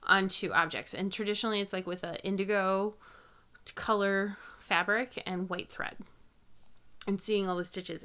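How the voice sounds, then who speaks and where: A woman's voice: medium pitch, a bit bright. Chatty woman host telling family stories. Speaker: podcast host. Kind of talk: casual chat.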